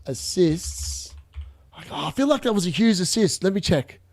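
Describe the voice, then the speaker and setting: A young man hosting a live fantasy football watchalong, excitable and gloating, laughing often and repeating himself. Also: sits high, moderate pace. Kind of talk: live stream commentary.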